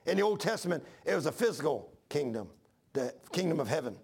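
A man's voice: on the high side, sing-song, fast talker, vocal fry, darkish tone, breathy edge. A man in his sixties preaching a folksy, repetitive sermon to his church. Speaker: pastor.

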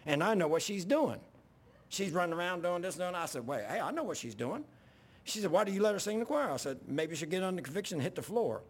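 A male pastor preaching a sermon in a church, telling folksy stories and rising to yelling when worked up. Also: on the high side, animated, fast, slightly rough. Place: church sanctuary.

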